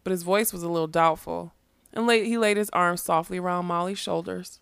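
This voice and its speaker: A woman reads a fantasy novel aloud in an unhurried, lyrical way. Her voice sits on the low side with a gravelly, fry-touched texture, recorded close in a dry space. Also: steady tone, no echo. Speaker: reader.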